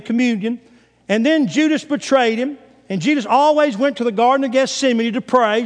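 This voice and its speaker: Male preacher, dramatic sermon delivery, high animated voice, long church reverb. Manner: animated, dramatic scripture retelling.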